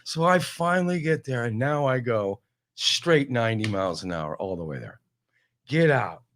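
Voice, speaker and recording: A man telling a casual, animated comic story on a talk show, full of exasperation. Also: mid-range voice, moderate pace, a little hiss or hum.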